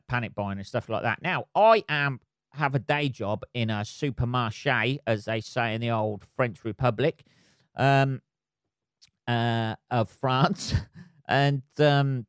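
Male podcast host, solo and rambling, sweary and self-mocking, smooth clean voice, very dry sound. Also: mid-range voice, no echo. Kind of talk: casual solo monologue. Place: flat at home below noisy neighbours.

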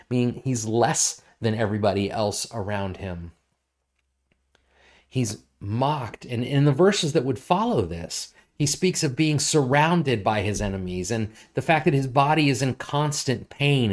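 A man's voice: medium pitch, darkish tone. Earnest male pastor preaching a sermon. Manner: earnest, repeats words for emphasis; reads scripture aloud with rising intensity.

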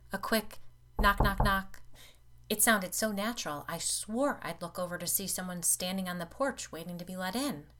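A woman narrating a first-person story in a measured, steady way. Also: mid-range voice.

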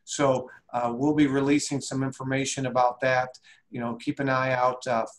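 A man hosting an interview, enthusiastic and affirming, often pausing and restarting as he speaks. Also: mid-range voice, flat delivery, slight background noise. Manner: enthusiastic, many fillers and restarts. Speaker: host. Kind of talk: remote interview.

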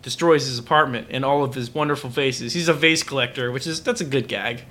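A man's voice: medium pitch, brisk, sharp tone, a little hiss or hum. A drunk man on a podcast casually recapping an anime, rambling with lots of fillers and restarts. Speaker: podcast co-host.

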